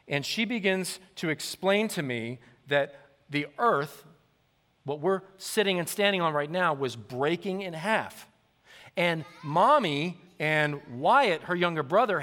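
A man in his thirties preaches in a lively, animated way, addressing his congregation directly. His voice sits a little high and rings bright and forceful. The sound carries the long reverb of a large hall. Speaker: pastor. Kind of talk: sermon.

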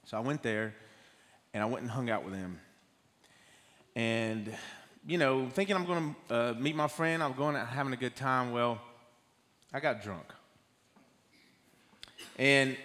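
A man's voice: mid-range voice, fairly bright tone. Nervous man speaking in a reverberant church. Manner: halting and nervous, many fillers and restarts. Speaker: guest speaker giving a testimony. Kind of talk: personal testimony sermon. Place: church sanctuary. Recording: long hall reverb.

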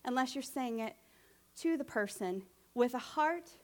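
A woman preaching a sermon in a conversational, animated way, often asking the congregation questions. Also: high-pitched, a little slow.

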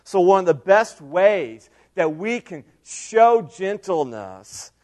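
A man delivers a sermon in a somewhat high voice. He is earnest and repeats his key points, moving from loud, stressed lines to quiet asides. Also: big pitch swings, slow. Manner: swings between loud emphasis and quiet asides. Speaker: pastor.

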